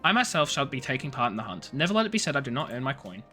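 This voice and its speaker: A man voicing a dry-witted mercenary officer in a game, wry and formal. His voice is bright and lively in pitch, with faint game music behind. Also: racing.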